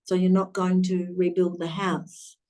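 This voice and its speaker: A woman voicing a gentle old man who quietly questions a grieving neighbor. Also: fairly low pitch, measured pace, natural voice. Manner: calm, questioning. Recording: distant from the mic.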